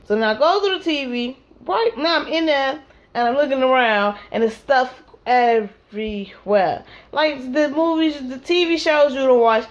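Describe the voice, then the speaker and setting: A woman vlogger and mother telling a rambling comic story at home during her child's naptime. She is animated and acts out scenes with silly voices and sound effects. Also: high voice, lo-fi sound.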